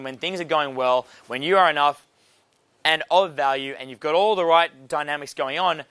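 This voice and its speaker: A man teaching a dating seminar in a brash, profane, animated way. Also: on the high side, dry recording. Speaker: dating coach.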